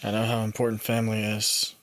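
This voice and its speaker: A man's voice: fairly low pitch, monotone, quick pace, fairly bright tone. A man playing his character in a tabletop game, speaking in a reassuring, upbeat way. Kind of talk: casual in-character play.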